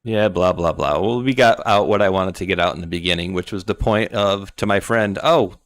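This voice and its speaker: A man's voice: deep voice, a little fast, soft background music. A man hosting a livestream show, chatting casually and telling rambling, jokey stories.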